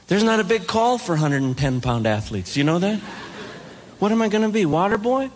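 A man's voice: sits high, very animated, normal speed, a little hiss or hum. A man telling self-deprecating comic stories with playful punchlines to a live audience. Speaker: comedic speaker. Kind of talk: stand-up storytelling.

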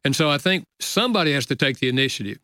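An older man, a guest author, telling a personal story in an earnest, gentle way with frequent soft chuckles. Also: mid-range voice, lively intonation, rapid-fire, no room sound, clean studio sound. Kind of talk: reflective storytelling interview.

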